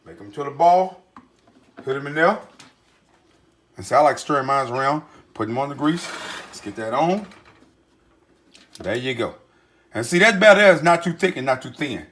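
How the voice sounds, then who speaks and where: A man hosting a home cooking show, telling stories loudly and boastfully. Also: mid-range voice, animated, normal speed, long pauses. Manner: boisterous, loud, boastful storyteller. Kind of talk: storytelling and cooking demo.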